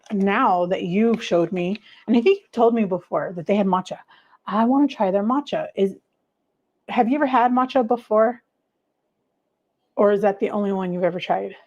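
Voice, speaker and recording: A woman's voice: mid-range voice, dark tone, highs cut off. A middle-aged woman chatting casually on a home livestream, rambling and talking to viewers by name while she makes coffee. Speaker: livestream host.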